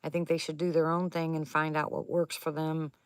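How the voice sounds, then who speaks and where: Low-voiced chatty woman on a livestream. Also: little pitch movement, a little fast, smooth, dry recording, studio quality. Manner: chatty, laughs often, talks to viewers by name. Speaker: livestream host reading viewer chat. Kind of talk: casual livestream chat. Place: attic room at home.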